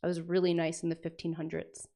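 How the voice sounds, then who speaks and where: A young woman chats on her livestream, reading passages aloud and breaking off with animated, sweary jokes. Her talk is loose and casual, with quick reactions to the text. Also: on the low side. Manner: animated, swearing, jokey asides. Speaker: streamer.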